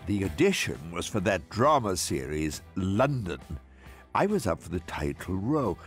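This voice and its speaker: An older man with a Scottish accent, narrating and acting in a scripted radio comedy with dry, deadpan delivery. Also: low voice, moderate pace, over music. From Scotland.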